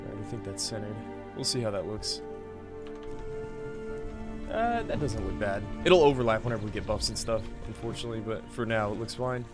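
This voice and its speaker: A man streaming a game, chatting casually to viewers, relaxed and laughing often, calling people "dude" and "man". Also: lowish voice, moderate pace. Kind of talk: casual live-stream chat. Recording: game music underneath. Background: game music.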